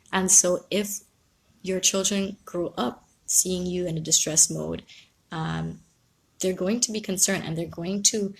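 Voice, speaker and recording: A woman counsellor speaking calmly and reassuringly on a live stream, giving advice and answering viewers. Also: on the low side, breathy edge. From Guyana. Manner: calm, reassuring, reads out viewer comments.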